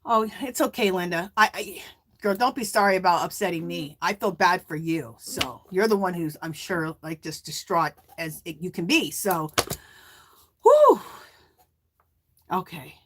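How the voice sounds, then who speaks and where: A middle-aged woman hosting a casual live stream, chatting and reading viewer comments aloud in a warm, emotional way. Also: fairly low pitch, moderate pace, noisy background. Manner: warm and emotional, near tears.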